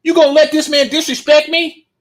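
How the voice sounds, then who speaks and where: A man mimicking a furious woman who shouts that she was disrespected. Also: level tone, a little fast. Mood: outraged. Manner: shrill, outraged, repeating herself.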